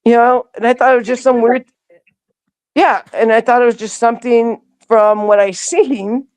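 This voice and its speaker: A woman's voice: on the high side, steady tone, moderate pace, darkish tone, no echo. Dry-voiced woman telling a story. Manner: acts out quoted dialogue with a rising voice; rambling, with frequent restarts. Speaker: interview guest. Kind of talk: conversational storytelling.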